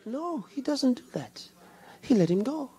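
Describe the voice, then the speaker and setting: Husky-voiced pastor, dramatic slow sermon. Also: male voice, very high-pitched, big pitch swings. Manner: dramatic, swings from loud questions to hushed whispers; slow, deliberate emphasis with repeated lines. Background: congregation answering and laughing.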